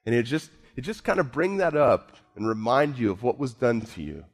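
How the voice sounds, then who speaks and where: A man preaching a sermon, moving from low, quiet musing to raised, emphatic points, slowing down and repeating words for emphasis. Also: expressive. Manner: repeats himself, speaks slowly for emphasis. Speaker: pastor.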